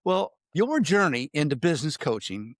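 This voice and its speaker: A man hosting a business podcast, reading a polished guest introduction and asking relaxed questions. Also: fairly high pitch, normal speed, dry recording, studio quality. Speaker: podcast host. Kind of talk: interview host, read introduction.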